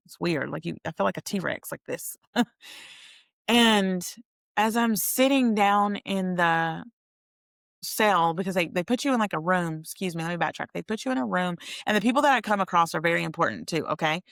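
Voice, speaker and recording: A woman's voice: on the low side, creaky, no room sound, clean studio sound. A young adult woman telling a personal story to camera in a candid, casual way, talking straight to her viewers and swearing freely. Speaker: vlogger sharing a personal story.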